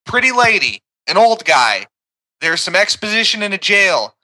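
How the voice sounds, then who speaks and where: A man with a very bright, cutting voice, pitched a little high, spilling out a profane, rambling recap in loose comedic banter. He talks over the others as a podcast co-host. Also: big pitch swings, moderate pace.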